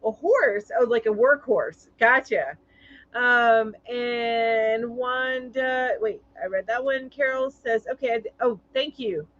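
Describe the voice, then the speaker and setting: A woman's voice: a little high, takes it slowly, fairly bright tone, no echo, dull audio. A woman hosting a casual live-stream chat, reading viewer comments aloud in a chatty way with lots of fillers.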